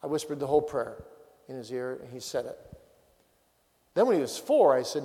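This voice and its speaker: Gravelly pastor in a reverberant hall. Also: male voice, on the high side, animated, fairly quick, a little mellow. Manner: direct practical exhortations. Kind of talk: teaching talk on family prayer.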